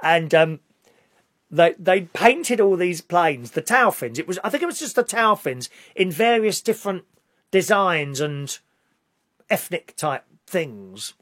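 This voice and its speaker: British bloke rambling on to camera, opinionated, fairly high voice, dry sound. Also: male voice, very animated, measured pace, a bit bright, no room sound. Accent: British English. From Britain. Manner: chatty, rambling, opinionated, rising to indignant outbursts. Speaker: vlogger. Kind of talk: casual talk to camera.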